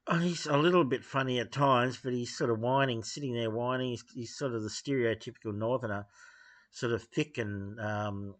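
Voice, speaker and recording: A man talking off the cuff in a blunt, dismissive way, pausing often with fillers as he gives his opinions to camera. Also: mid-range voice. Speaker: video host giving opinions. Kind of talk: unscripted opinion monologue.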